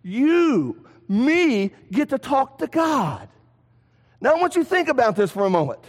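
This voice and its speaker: A man preaching a sermon in a church, animated, asking rhetorical questions and swinging between loud and soft. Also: very high voice, a little slow. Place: church sanctuary. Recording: long hall reverb.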